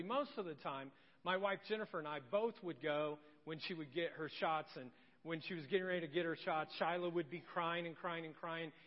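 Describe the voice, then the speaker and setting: A male pastor tells a story from the pulpit in a fairly high voice, acting out voices and dropping to hushed tones. His sermon carries the long echo of a church hall, and the recording sounds dull and lo-fi. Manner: animated, acts out voices, drops to hushed tones.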